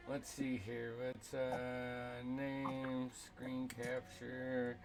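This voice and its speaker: A man with a gravelly, creaky voice talks slowly and casually, rambling a little as he settles in for a tabletop game. Music plays clearly behind him. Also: mid-range voice, completely flat delivery. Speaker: player. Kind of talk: casual chat.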